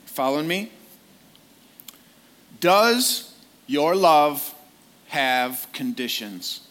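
A man's voice: fairly high pitch, sing-song, drawn-out words, fairly bright tone. A man preaching a sermon in a conversational way, often putting direct questions to his listeners.

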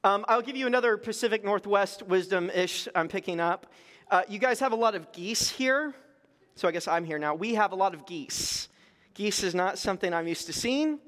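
Brief: middle-aged man, pastor, high voice, chatty storytelling sermon, big echoing hall. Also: moderate pace. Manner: conversational, animated storytelling with self-deprecating humor. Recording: long reverb in a large hall.

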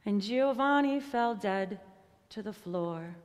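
A woman telling a storybook tale in an expressive, soft-edged manner, closing with a prayer. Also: medium pitch, slow, clean tone, big-room sound. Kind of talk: storybook reading ending in prayer.

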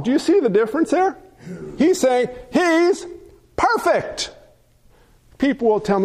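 Very high-voiced man preaching a sermon. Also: lively intonation, moderate pace, gravelly, darkish tone. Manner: emphatic, rhetorical questions to the congregation. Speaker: pastor.

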